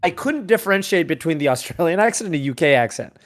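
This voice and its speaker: A male podcast co-host in loose chat, rambling through stories and poking fun at himself. His voice sits a little higher than most men's, and he keeps talking through restarts. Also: expressive, quick pace. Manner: rambling, self-mocking, storytelling.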